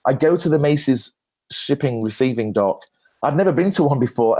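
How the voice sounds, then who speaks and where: A man with an ordinary mid-range pitch talks at a normal pace while answering Q&A questions on a conference stage as a branding expert. He shares anecdotes animatedly and self-deprecatingly, often restarting lines and chuckling at his own jokes.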